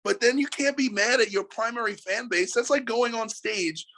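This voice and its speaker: A man from New York City, a musician guest in a casual interview, ranting in an animated, profane way and laughing between points. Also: very high-pitched, moderate pace.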